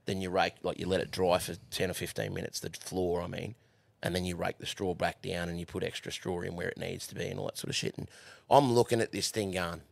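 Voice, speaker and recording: A man's voice: low voice, fairly even intonation, brisk, creaky, no room sound. A man with an Australian accent, a guest telling stories from the horse stables, swearing freely and laughing as he talks. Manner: profane, laughing storyteller. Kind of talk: casual podcast chat. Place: studio.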